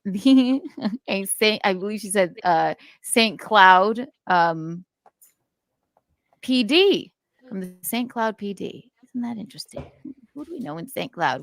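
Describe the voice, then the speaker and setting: A woman's voice: lowish voice, gravelly, fairly bright tone, no room sound. A woman on a podcast, casually telling a story with laughter and quoted dialogue.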